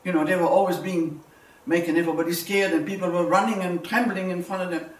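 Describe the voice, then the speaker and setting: A woman's voice: lowish voice, fairly even intonation, fast talker. A woman, giving a personal testimony as a war survivor and telling it vividly with repeated words. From Belgium. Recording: roomy, distant mic, faint ambience.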